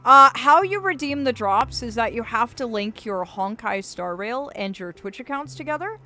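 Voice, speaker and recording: A woman streamer chatting over a game, her voice bright and clear and her pitch jumping around a lot. She talks playfully and reacts to the story as she plays. Game music sits faintly behind her. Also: lively intonation, normal speed. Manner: playful, reads game lines aloud. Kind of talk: live gameplay commentary.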